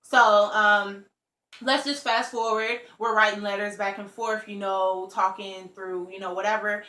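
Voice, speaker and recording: Young woman vlogger, chatty storyteller, bright edge, echoey room sound. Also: mid-range voice, fairly even intonation, measured pace. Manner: chatty, lots of "like" and "you know". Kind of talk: casual storytime. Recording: roomy echo.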